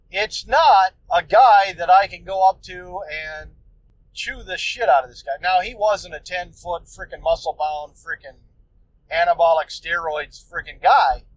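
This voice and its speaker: A man's voice: sits high, unhurried, no echo, poor audio. A man hosting a solo podcast, telling a story in a loose, profane, ranting way. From United States. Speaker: podcast host.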